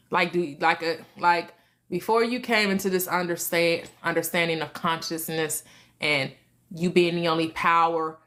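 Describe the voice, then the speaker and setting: Laughing, slow-talking woman teacher. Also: fairly low pitch, a bit bright. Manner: laughs often, repeats words, restarts phrases. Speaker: host of a manifestation livestream. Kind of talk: casual spiritual teaching, answering chat questions.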